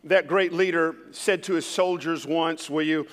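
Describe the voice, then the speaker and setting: A pastor in his thirties preaches with a high, bright voice that carries real fervor. He drops into hushed storytelling, then builds to loud, emphatic declarations. A long reverb trails behind his words. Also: steady tone, measured pace. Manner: preaching with rising fervor and street-tinged emphasis. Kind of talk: sermon.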